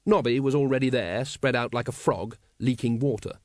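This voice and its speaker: A man reading a comic fantasy novel aloud as an audiobook narrator, with expressive, dryly comic storytelling. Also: medium pitch, moderate pace, dry recording, studio quality. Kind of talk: scripted narration.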